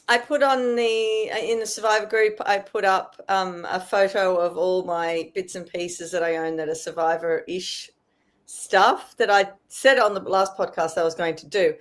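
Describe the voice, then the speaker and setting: A woman's voice: medium pitch, fairly even intonation, measured pace. A woman guesting on a podcast, chatting casually and hesitantly. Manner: hesitant, filler-heavy. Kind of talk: casual chat.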